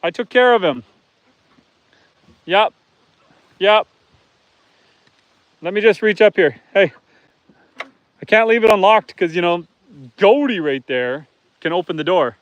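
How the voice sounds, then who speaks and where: High-voiced chatty homestead host. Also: male voice, animated, slow, long pauses, no room sound, muffled recording. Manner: chatty, talks to his animals and to viewers. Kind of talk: casual live-stream chat. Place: outdoors on a farm among animals.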